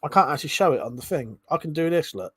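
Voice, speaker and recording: A man's voice: on the high side, lively intonation, fast talker, fairly bright tone, slightly rough, no echo. A man hosting a casual livestream, reading viewers' comments aloud, chuckling and swearing freely. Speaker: livestream host reading chat. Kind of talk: casual chat.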